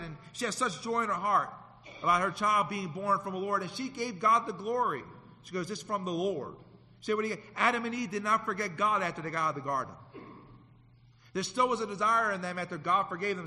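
A man's voice: sits high, bright, forceful tone, long reverb tail. A middle-aged male pastor preaching a sermon with passion, reading scripture aloud in old-fashioned wording. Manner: impassioned preaching with scripture reading in King James English. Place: church sanctuary.

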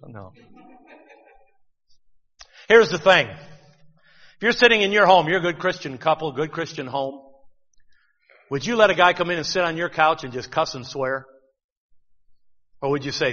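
A man's voice: on the high side, animated, measured pace, pauses often, a bit bright, in a large hall, muffled recording. A man preaching a sermon, talking conversationally and asking rhetorical questions.

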